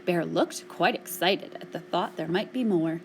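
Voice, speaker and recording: A woman children's librarian reading a rhyming picture book aloud at storytime with an expressive, sing-song delivery. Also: fairly low pitch, a little slow, a little hiss or hum.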